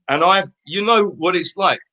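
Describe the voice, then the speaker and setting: A man in his fifties from Essex, England, a stage singer appearing as an interview guest, chats casually and tells rambling anecdotes. He speaks in a high-pitched, sharp voice at an unhurried pace, on a muffled recording.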